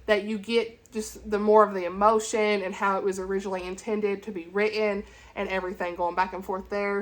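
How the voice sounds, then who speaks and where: A woman from talks to camera in an unscripted, rambling way. She gushes about what she loves and keeps her pitch right in the middle. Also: fairly bright tone. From Tennessee, USA. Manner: chatty and rambling, with gushing enthusiasm. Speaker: book vlogger. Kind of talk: casual chat.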